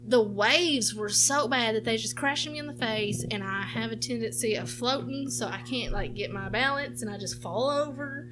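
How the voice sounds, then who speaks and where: A woman's voice: fairly high pitch, normal speed, few pauses. A young woman co-hosting a podcast, telling a story with a lot of swearing and acting out what people said. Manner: animated storytelling, acts out quotes, frequent swearing. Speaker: podcast co-host. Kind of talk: casual chat.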